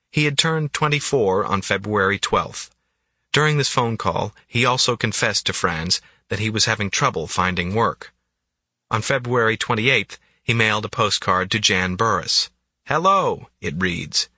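A man reading an audiobook in an even, measured narration. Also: fairly low pitch, no room sound.

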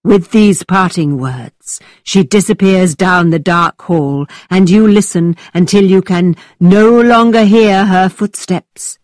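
A woman doing a teasing young gentleman, low and slow. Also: no echo, studio quality. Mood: spooky.

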